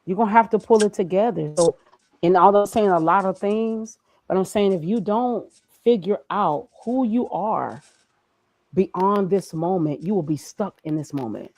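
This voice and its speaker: A woman's voice: mid-range voice, normal speed, a little mellow, dry recording. A woman, a graphic designer, being interviewed, talking in an emphatic, preachy way about her own experience. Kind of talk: casual motivational conversation.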